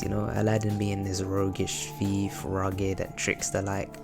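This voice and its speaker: A man's voice: lowish voice, flat delivery, moderate pace, vocal fry, few pauses. A young man giving casual, reflective analytical commentary on a video game series. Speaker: video essayist. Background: background music.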